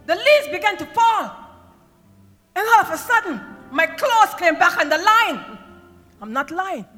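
A woman preaching an impassioned sermon in a church, moving from quiet storytelling to shouted praise. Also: very high-pitched. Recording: reverberant church hall with music behind.

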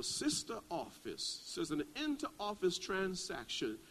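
A middle-aged male pastor preaching a sermon, dropping to a hush and then climbing to loud, rising exclamations. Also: sits high, wildly swooping pitch, measured pace, hardly any pauses, rough recording.

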